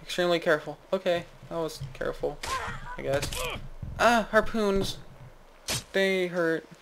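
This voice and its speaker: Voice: mid-range voice, steady tone, brisk, vocal fry, noisy background. A gaming video host giving goofy, rambling let's-play commentary, saying "like" a lot and jumping to sudden yelps. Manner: jumps to yelps and squeals.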